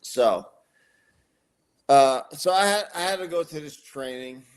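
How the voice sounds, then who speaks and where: A man's voice: a little high, expressive, measured pace, clear, resonant tone. A man who is a guest on a podcast, telling stories in casual chat with a laid-back manner and frequent swearing.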